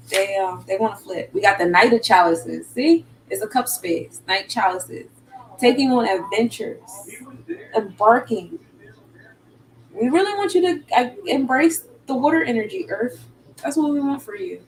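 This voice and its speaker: A woman's voice: medium pitch, far from the mic, a little hiss or hum, low-quality recording. A woman giving a casual live-stream tarot reading, loose and slangy with laughing asides. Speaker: tarot reader.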